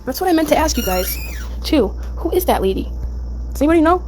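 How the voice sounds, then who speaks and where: A woman's voice: high voice, sing-song, fast talker, darkish tone, soft background music. A woman hosting a casual livestream commentary, talking bluntly and animatedly, swearing and laughing often. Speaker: YouTube commentary host.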